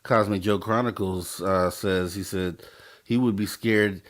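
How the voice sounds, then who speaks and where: A male podcast host asks his guest halting questions, full of fillers and restarts. His voice is on the low side, and he talks slowly. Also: fairly even intonation. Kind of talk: casual interview chat.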